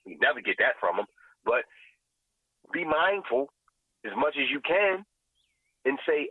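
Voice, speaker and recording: A man's voice: medium pitch, sing-song, a little slow, pauses often, husky, no echo. Impassioned man over a tinny line. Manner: preachy, emphatic, repeats "you know what I'm saying". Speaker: guest, vegan restaurant owner. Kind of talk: passionate podcast commentary. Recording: tinny phone-like line, dry.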